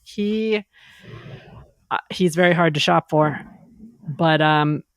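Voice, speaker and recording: A woman's voice: low voice, slow pace, no echo. A woman co-hosting a podcast, chatting casually in a self-deprecating way. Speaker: podcast co-host. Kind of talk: casual chat.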